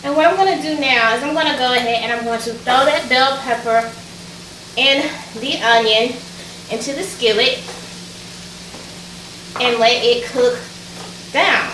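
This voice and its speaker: A woman's voice: high voice, a little slow, long pauses, sharp tone, distant mic, a little hiss or hum. A woman with a Southern US accent from Alabama, chatting bubbly and straight to her viewers as she walks through a cooking tutorial at her stove. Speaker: cooking vlogger. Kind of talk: casual cooking tutorial chat. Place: home kitchen, at the stove. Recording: echoey kitchen, mic set back, sizzling pan. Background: frying and sizzling food.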